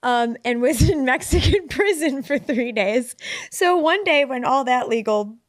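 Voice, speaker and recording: A woman's voice: high-pitched, lively intonation, unhurried, no echo. A woman in her thirties hosting a podcast, telling a story in a frank, teasing way. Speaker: podcast host. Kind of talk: casual chat.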